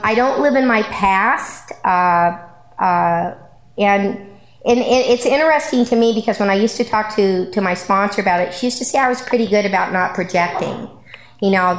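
A woman's voice: mid-range voice, reverberant. A middle-aged woman giving a personal recovery share at a support group meeting, candid and conversational, with frequent ums and repeated phrases. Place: meeting room.

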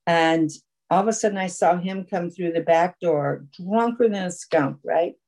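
A woman's voice: fairly low pitch, moderate pace, darkish tone, poor audio. Woman rambling through a personal story at a support meeting, lots of "you know", on a video call. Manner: rambling storyteller, full of fillers. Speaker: recovery meeting speaker.

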